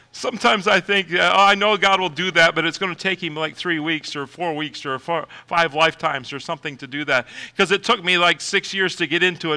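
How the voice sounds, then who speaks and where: A man preaching a sermon, moving from quiet reflection to shouted, high exclamations, with laughs between points. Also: poor audio. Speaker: pastor.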